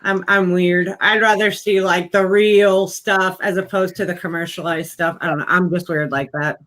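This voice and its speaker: A woman's voice: on the low side, steady tone, normal speed, a bit bright. A woman hosting a casual chat, easygoing, hesitant and self-deprecating. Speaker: host.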